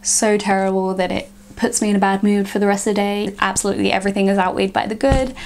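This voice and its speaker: A woman's voice: mid-range voice, fairly even intonation, fast, a little mellow, a little hiss or hum. A young woman, chatting casually to camera in a vlog and filling her sentences with "like". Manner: chatty, frequent "like" fillers. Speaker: vlogger.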